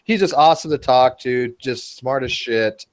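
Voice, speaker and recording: A man chatting casually in an online commentary show, joking and animated. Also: moderate pace, dry recording. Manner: animated, joking, swings in pitch.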